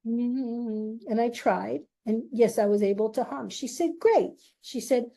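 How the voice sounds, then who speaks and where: A middle-aged woman hosting her own show, slowly and earnestly telling a personal story in a confiding way. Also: on the high side, fairly even intonation, gravelly, dark tone. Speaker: host.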